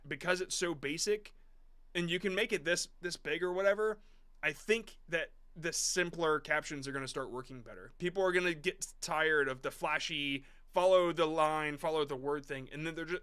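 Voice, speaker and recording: A man in his thirties talks through viewers' videos on a live stream, loose and rambling, with restarts and the odd swear word. His voice sits a little high and sounds bright and forceful. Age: 30s. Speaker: host reviewing viewers' short videos. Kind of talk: casual live-stream commentary.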